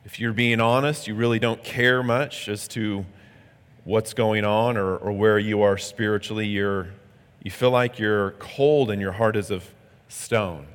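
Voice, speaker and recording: A man's voice: on the low side, fairly even intonation, a little slow, big-room sound. A male pastor preaching a sermon in a conversational, earnest way.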